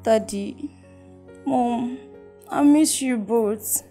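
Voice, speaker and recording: A tender young woman speaks wistfully to her late parents in a film drama. Her voice is dark and mellow, and faint music plays beneath it. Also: fairly high pitch, very slow.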